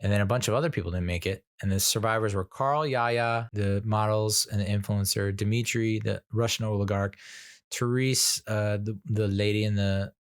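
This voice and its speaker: A man's voice: on the low side, steady tone, moderate pace, smooth, no echo, studio quality. A man giving a casual spoken movie review, rambling with lots of fillers, restarts and frequent laughter.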